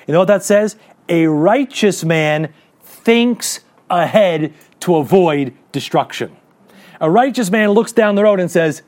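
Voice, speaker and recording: A man preaching a sermon to a congregation, asking rhetorical questions and reading scripture slowly and deliberately. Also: a little high, big pitch swings, a little mellow. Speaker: pastor.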